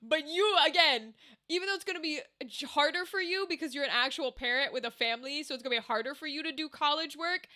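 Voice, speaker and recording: A woman's voice: high voice, quick pace, bright, forceful tone. A young woman streamer chatting casually with her viewers, rambling and swearing freely. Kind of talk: casual live-stream chat while gaming.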